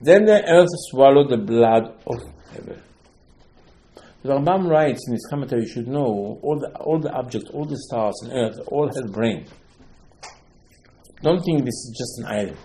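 A man giving a Torah lesson in the manner of a rabbi, voice at a middling pitch. He tells the story with lively acted-out exchanges, breaking into sudden loud emphasis. His English is broken and full of Hebrew terms. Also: normal speed. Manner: animated storytelling, acting out dialogue, emphatic rises; non-native English phrasing, Hebrew terms.

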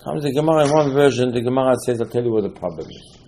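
A man giving a Torah class as a rabbi. He talks in an animated way, acts out the quotes and uses loose, non-standard English. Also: medium pitch, very fast, slight background noise, low-quality recording. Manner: animated, acts out quotes, mixes in Hebrew terms.

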